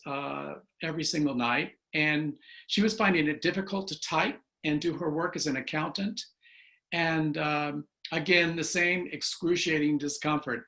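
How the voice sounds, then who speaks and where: An enthusiastic man in his sixties tells stories over a video call. His voice sits a little high and rings bright and forceful. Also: gravelly. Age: 60s. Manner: enthusiastic storyteller. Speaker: guest. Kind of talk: casual video call chat.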